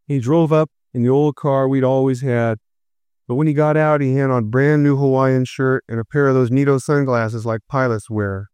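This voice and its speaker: Smooth, clear male storyteller. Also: mid-range voice, no room sound. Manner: steady, reflective. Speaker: narrator. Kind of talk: scripted narration.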